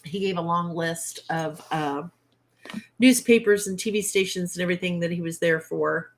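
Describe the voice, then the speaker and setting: A woman hosting a casual livestream chat from home. Her voice sits fairly low for a woman, and she speaks bluntly with a salty, exasperated humor. She is picked up on a simple webcam mic. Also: normal speed. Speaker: livestream host.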